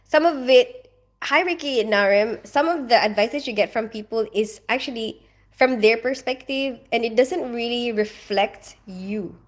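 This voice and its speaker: A woman's voice: fairly high pitch, moderate pace. A young woman hosting a casual livestream, reading comments aloud and greeting viewers by name. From Philippines. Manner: chatty, greets viewers by name, laughs often. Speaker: livestream host.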